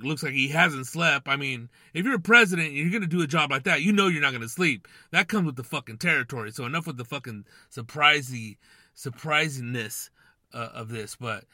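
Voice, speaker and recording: Young male podcast host, bright, dry close sound, swears constantly, rambles. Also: on the high side, no room sound. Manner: profane, rambling, slangy, says "dude" and "man". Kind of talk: casual monologue.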